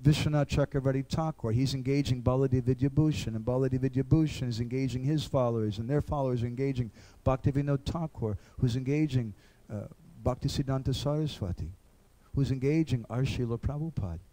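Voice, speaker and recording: A man's voice: mid-range voice, quick pace, warm tone. A man giving an earnest devotional lecture, acting out little dialogues.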